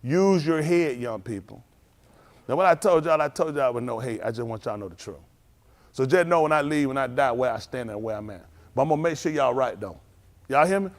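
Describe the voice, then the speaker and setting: A middle-aged male pastor, preaching informally and telling lively street stories in which he acts out the voices. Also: medium pitch, a little fast. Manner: animated storytelling, acts out voices, laughs.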